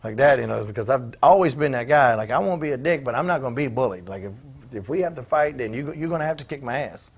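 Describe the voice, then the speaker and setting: Fast-talking gravelly man swearing. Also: mid-range voice, expressive. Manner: profane, acts out quoted voices in his stories. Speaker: former pro wrestler, interview guest. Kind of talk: casual storytelling in a shoot interview.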